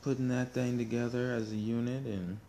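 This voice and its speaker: A man's voice: mid-range voice, level tone, normal speed, dark tone, slight background noise. A man chatting casually as a co-host, laid-back, with chuckling asides. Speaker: co-host, father. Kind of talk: casual chat.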